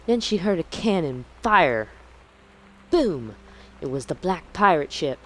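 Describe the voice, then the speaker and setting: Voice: mid-range voice, sing-song, takes it slowly, slight background noise, pitched above the performer's own voice, rough recording. A streamer reading a child's adventure story in a put-on Southern belle accent, with a lilting storybook delivery. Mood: storytelling. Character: young girl's story told in a Southern belle voice.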